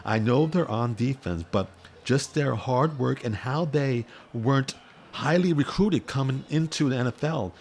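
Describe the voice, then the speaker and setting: A man giving casual, excitable sports commentary in a vlog, rambling and repeating his words as he gets worked up. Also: medium pitch, measured pace, slight background noise.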